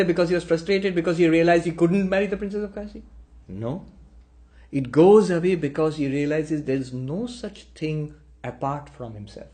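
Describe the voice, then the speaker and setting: A man telling a spiritual story, animating the dialogue with lively voices. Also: fairly high pitch, moderate pace. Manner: animated storyteller acting out characters. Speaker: spiritual speaker. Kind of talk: storytelling talk.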